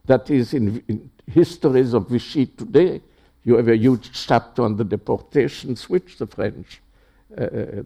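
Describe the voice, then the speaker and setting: An older man from Czechoslovakia is interviewed about his past. He speaks slowly in a dark, gravelly voice, pausing often and restarting his sentences. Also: medium pitch. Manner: halting, with many fillers and restarts. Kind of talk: oral history interview.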